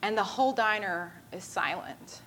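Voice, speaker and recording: A woman preaching a sermon, retelling a story with lively voiced quotes. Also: mid-range voice, normal speed, a little hiss or hum, low-quality recording.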